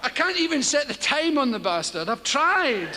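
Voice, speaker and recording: A Scottish man doing live stand-up comedy on stage, rambling and swearing in rhythmic bursts. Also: very high voice. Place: stage before a large live audience. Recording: noisy live show with loud crowd.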